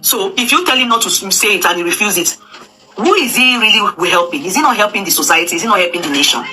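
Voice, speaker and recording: A woman's voice: mid-range voice, expressive, quick pace, over music. A Nigerian woman commenting on current affairs in a casual, emphatic way, repeating herself, hesitating often and slipping into Pidgin. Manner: emphatic, repetitive, with Pidgin asides and frequent hesitations. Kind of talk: casual opinion talk.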